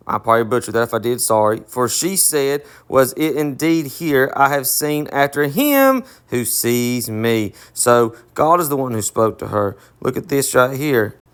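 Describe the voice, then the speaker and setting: A man's voice: medium pitch, fairly bright tone. Man, Southern accent, Bible study sermon, reads verses then explains, emphatic and repetitive, keeps asking "okay?". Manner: emphatic, repetitive, self-correcting. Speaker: Bible teacher.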